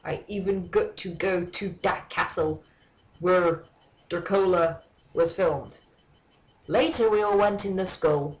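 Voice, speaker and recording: A woman's voice: fairly low pitch, takes it slowly, dull audio. A woman giving a mock-dramatic reading of a fan story, breaking off for sardonic, swearing asides. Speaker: comedic reader.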